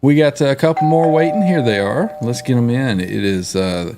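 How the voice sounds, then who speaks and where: A man's voice: medium pitch, moderate pace, over music. A man hosting a casual livestream, greeting viewers and reading their comments aloud with frequent laughs. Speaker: livestream host.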